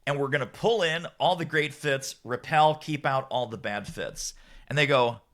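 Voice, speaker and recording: A middle-aged man, an author and business strategist, telling stories in a podcast conversation, acting out quotes and laughing often. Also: normal speed. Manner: lively, acts out quotes with big pitch jumps, laughs often. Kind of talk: animated storytelling in podcast chat.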